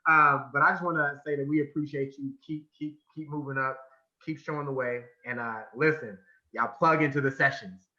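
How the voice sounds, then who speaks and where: A man's voice: mid-range voice, steady tone, normal speed, sharp tone, muffled recording. A man giving an encouraging tribute to a colleague, building with repeated phrases. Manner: encouraging, preacher-like repetition. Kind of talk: casual tribute speech.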